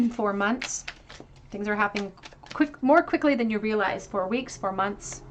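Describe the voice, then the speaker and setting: A woman giving a pick-a-card tarot reading to viewers, talking gently and reassuringly and thinking aloud with frequent ums. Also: mid-range voice, unhurried, a little hiss or hum. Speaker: tarot reader.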